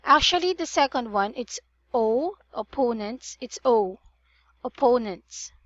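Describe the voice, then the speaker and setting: A woman's voice: high voice, expressive, measured pace, a bit bright, dry recording, highs cut off. A woman tutoring English pronunciation in a one-on-one online session, patiently drilling words and correcting vowel sounds.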